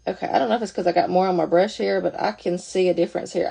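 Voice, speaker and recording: Chatty woman with a gravelly low voice. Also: fairly even intonation, racing, mellow. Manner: chatty, self-interrupting, thinking aloud. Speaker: makeup seller demonstrating products. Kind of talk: casual makeup tutorial.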